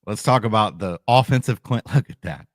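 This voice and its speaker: A man's voice: lowish voice, brisk, no echo, clean studio sound. A man co-hosting a casual sports betting chat in a laid-back, dryly teasing way. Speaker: sports betting show co-host.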